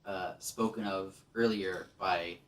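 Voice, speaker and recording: A man's voice: low voice, steady tone, takes it slowly, a bit bright, roomy sound, distant mic. A man narrating a tabletop game as game master, hesitant with many ums and restarts.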